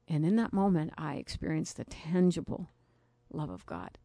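Earnest low-voiced woman telling her story. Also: very animated, normal speed, creaky, dark tone, no room sound. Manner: earnest, emotional, reflective. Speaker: podcast co-host. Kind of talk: personal storytelling.

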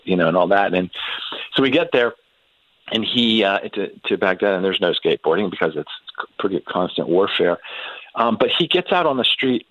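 A middle-aged man telling a long personal story in casual conversation, halting and restarting with frequent ums. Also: fairly low pitch, animated, no room sound, narrow, tinny audio. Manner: unhurried, halting anecdote with many restarts and ums. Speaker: guest.

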